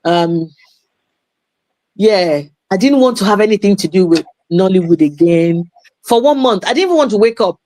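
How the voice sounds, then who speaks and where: Woman, interview guest, lively storyteller with Yoruba asides, dry close sound. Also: medium pitch, normal speed, dry recording, poor audio. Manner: animated storyteller mixing English with Yoruba phrases. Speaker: interview guest, playwright and promoter.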